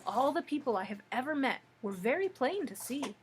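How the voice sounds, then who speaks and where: A woman reading the part of a kindly, earnest old male wizard in a storybook read-aloud, speaking gently and politely. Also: high voice, expressive, slight background noise. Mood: courteous. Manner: gentle, courteous, measured.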